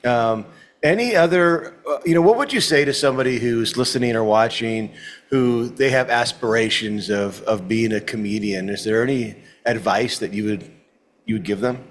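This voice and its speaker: A man's voice: mid-range voice, normal speed. A man hosting a podcast interview, reacting to a guest's stories and asking questions. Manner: warm reactive listener, laughs along. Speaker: podcast host. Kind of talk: casual interview.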